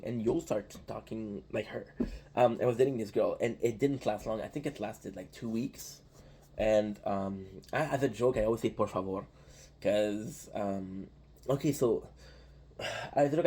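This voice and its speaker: A man talks in a loose, rambling monologue, tagging "right?" onto nearly every point. His voice is dark and soft-edged, with a slight huskiness. He restarts phrases often as he thinks aloud. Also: lowish voice, breathy edge. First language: French. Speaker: channel host.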